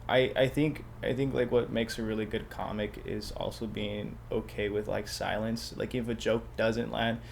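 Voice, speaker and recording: A man's voice: on the low side, level tone, moderate pace, gravelly, few pauses, a little hiss or hum. A man talking in a casual podcast chat as a stand-up comedian guest, loose and rambling with lots of filler and swearing. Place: podcast studio.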